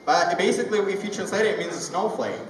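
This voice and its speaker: At a comedy club open mic, a young Ukrainian man whose native language is Russian does stand-up with a Ukrainian accent, his voice sitting high. He rambles conversationally through stories with halting restarts, while the echoey room, distant mic, ambient noise, and background music color the recording.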